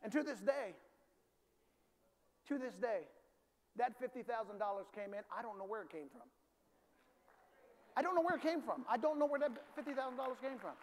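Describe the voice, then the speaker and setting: Pastor guy preaching, really high voice, big echoey church hall, shouts then drops low. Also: lively intonation, fairly quick, long pauses. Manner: call-and-response preaching, rising to shouts. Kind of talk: sermon. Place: large church sanctuary. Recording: reverberant hall, faint ambience.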